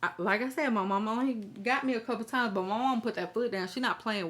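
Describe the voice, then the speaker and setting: A woman's voice: on the high side, fairly quick, few pauses, a bit bright. A woman host reading a viewer's email aloud and reacting in a blunt, profane, chatty way, talking straight to her viewers.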